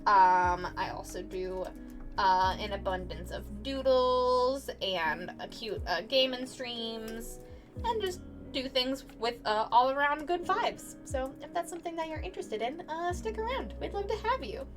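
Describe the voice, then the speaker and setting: Casting note: high-pitched young American woman, casual streamer banter, playful and giggly, light music underneath. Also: animated, unhurried. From United States. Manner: playful, chatty, laughs often, stumbles and restarts. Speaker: streamer, digital artist. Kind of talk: casual live-stream chat with viewers.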